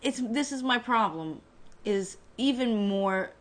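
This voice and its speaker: Profane, animated woman co-host. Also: on the high side, slow pace. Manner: profane, animated, acts out characters' lines. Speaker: podcast co-host recapping a TV episode. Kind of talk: casual chat.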